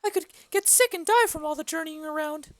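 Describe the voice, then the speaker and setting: A fussy old nurse, read by a woman in an amateur play reading. She sits very high in pitch, grumbling about aching bones and bossing people around with a teasing edge. The sound is dry and close. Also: fairly quick, no echo. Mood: complaining.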